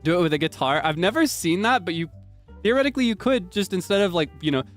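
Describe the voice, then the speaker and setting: A man's voice: high voice, expressive, fast, soft background music. A young man streaming, chatting casually and explaining things in a rambling way with lots of restarts.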